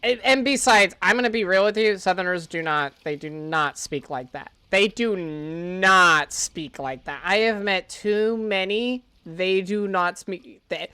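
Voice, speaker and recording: A woman commenting casually while playing a game on a live stream, chatty and quick to giggle. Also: medium pitch, clear, resonant tone, no echo. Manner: chatty, giggly, animated reactions.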